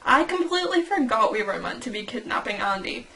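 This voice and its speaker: Giggly young woman with a higher voice. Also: big pitch swings, fairly quick, bright, forceful tone, low-quality recording. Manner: giggly, rambling, breaks off to correct herself. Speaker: fan channel host. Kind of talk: casual reaction reading.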